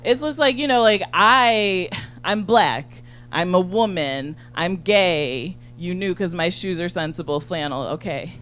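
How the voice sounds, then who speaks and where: A woman doing a stand-up comedy set on a handheld mic, talking rapidly and profanely with lots of "like". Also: lowish voice, fairly bright tone. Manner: rapid, chatty, full of "like" and profanity. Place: comedy venue.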